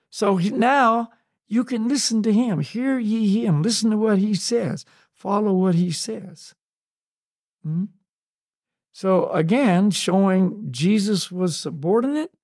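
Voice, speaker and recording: A man in an unscripted spiritual discussion, talking slowly and searchingly with many restarts and "you know"s. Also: high-pitched, darkish tone, no echo, studio quality. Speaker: podcast co-host on spiritual topics.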